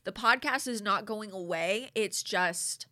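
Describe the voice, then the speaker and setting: Chatty woman podcaster, bright punchy voice, real candid, swears a lot, says you guys constantly. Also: medium pitch, measured pace. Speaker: podcast host. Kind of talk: casual monologue to listeners.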